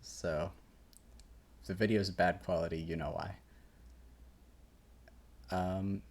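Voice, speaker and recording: A man's voice: low voice, fairly even intonation, slow pace, long pauses, a little hiss or hum. A man casually rambling and reacting while music plays at home, swearing and chuckling now and then. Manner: rambling and laid-back, swears, chuckles often. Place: at home in his room. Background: game soundtrack playing softly.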